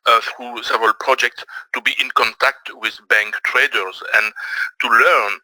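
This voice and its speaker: A middle-aged man from Belgium with a Belgian French accent, giving a webinar presentation and pausing often on fillers. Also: medium pitch, steady tone, sharp tone, dry recording, poor audio. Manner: hesitant, many fillers. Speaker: trading presenter.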